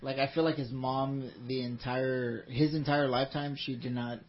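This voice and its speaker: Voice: medium pitch, level tone, normal speed. A podcast co-host cracking jokes and quips in casual chat. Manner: joking, quips. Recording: dull lo-fi sound.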